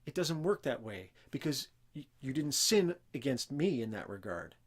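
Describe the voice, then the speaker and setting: A man hosting a Christian teaching show speaks earnestly and emphatically without a script, raising his voice whenever he quotes scripture. His medium-pitched voice has a sing-song lilt and a breathy edge, at normal speed.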